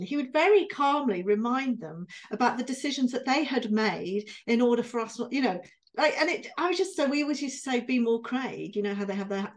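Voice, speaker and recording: Animated woman telling a story. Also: on the high side. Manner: animated storytelling, acts out quoted voices. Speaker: podcast co-host. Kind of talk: casual reflective chat.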